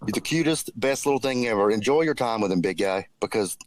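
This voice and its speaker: A man's voice: fairly low pitch, animated, quick pace, a little hiss or hum, low-quality recording. A man on a livestream panel talking bluntly in casual chat.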